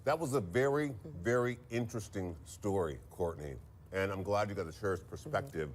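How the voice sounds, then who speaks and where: Low-voiced male news anchor. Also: moderate pace. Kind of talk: broadcast news banter.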